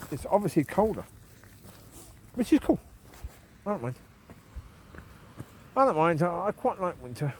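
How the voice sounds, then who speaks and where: A man in a casual walk-and-talk, outdoors at night with faint background noise. His voice sits fairly high and swings widely in pitch as he makes his points. He is opinionated, repeats himself for emphasis and chuckles often. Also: darkish tone. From United Kingdom. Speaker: vlogger. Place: outdoors at night, walking dogs.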